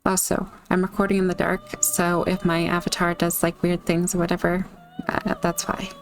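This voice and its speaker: A woman's voice: on the low side, level tone, moderate pace, faint music behind. A young woman who just woke up, chatting with lots of fillers and then reading a game story aloud. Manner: chatty and rambling, many fillers, hesitant. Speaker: story reader.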